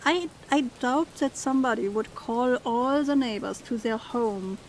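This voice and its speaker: A young woman, her voice sitting a bit high, plays through a story game. She reads each character's lines aloud with feeling and slips easily into relaxed chat with her viewers. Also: a little slow, a little hiss or hum. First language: German. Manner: reads dialogue expressively, then chats casually. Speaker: streamer. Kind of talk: let's play, reading game dialogue aloud and chatting with viewers.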